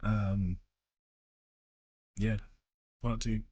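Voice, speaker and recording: A man's voice: lowish voice, fairly even intonation, drawn-out words, mellow, slightly rough, no room sound, dull audio. A man reading a visual novel aloud and chatting casually between passages, calling his viewers bro. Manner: casual, says bro often. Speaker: gaming YouTuber.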